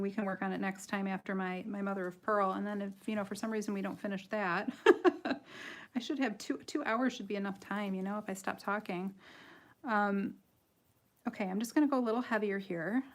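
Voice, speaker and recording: A woman with a light Michigan accent and a slightly nasal voice hosts a casual coloring livestream. She rambles, giggles, and pokes fun at herself while explaining each step. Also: mid-range voice. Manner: chatty, giggly, self-deprecating, rambling. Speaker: livestream host and coloring artist.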